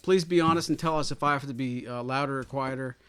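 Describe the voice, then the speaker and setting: A man's voice: medium pitch, quick pace, fairly bright tone, smooth. A man hosting a music livestream on an old microphone, upbeat and chatty, talking straight to viewers. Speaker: host. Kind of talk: casual livestream chat.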